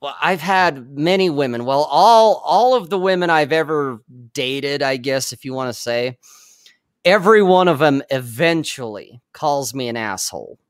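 Podcast co-host, man, higher-pitched, rambling and profane, dry close sound. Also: expressive, moderate pace, clean tone, dry recording. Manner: swears freely, rambling, laughs often. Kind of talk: casual chat.

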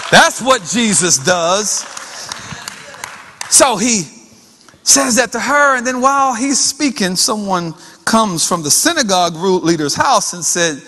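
A man preaching a sermon, animated, acting out voices with folksy asides. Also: sits high, a little slow. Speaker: pastor. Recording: long hall reverb.

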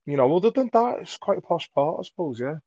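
A man's voice: a little high, big pitch swings, quick pace, warm tone, dry recording, dull audio. A man in his forties from Merseyside, a comedian chatting as a podcast guest, crude and self-mocking, with lots of restarts. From Merseyside, England. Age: 40s. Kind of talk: casual chat.

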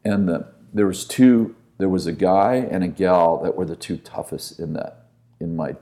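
A man's voice: deep voice, normal speed, mellow. A man speaking as a guest minister on a podcast, telling a story earnestly and with conviction.

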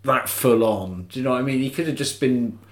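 A man's voice: mid-range voice, fairly quick. A man co-hosting a podcast, chatting casually and jokily about a horror film. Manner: animated, jokey, swearing and laughing. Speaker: podcast co-host. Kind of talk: casual film-discussion chat. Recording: echoey room.

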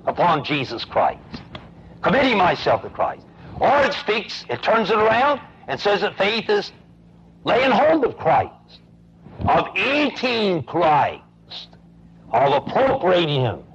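A man's voice: on the high side, slight background noise. A man teaching an evening Bible class in an earnest, emphatic way, with repeated phrases, ending in prayer, heard on a dull lo-fi tape from a college classroom.

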